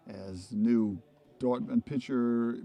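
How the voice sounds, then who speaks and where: A man calling a live baseball game play-by-play, chatty and rambling into asides between pitches. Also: slow pace, vocal fry, mellow. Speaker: play-by-play commentator.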